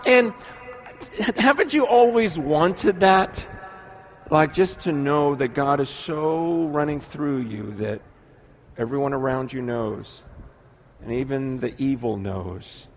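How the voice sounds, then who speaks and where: A middle-aged man preaching a sermon as pastor, animated, swinging from soft asides to shouting. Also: medium pitch, takes it slowly, soft background music.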